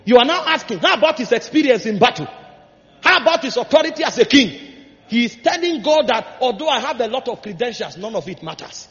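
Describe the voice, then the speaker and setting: Impassioned preacher man, lively high voice. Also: fairly quick, big-room sound, dull audio. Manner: impassioned, rising to shouts and sing-song cadences. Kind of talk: sermon.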